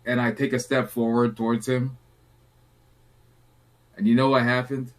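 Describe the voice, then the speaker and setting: A man's voice: mid-range voice, moderate pace. A young adult man hosting a casual podcast, rambling through a story and acting out the people in it. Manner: relaxed, rambling, acts out quotes. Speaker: podcast host.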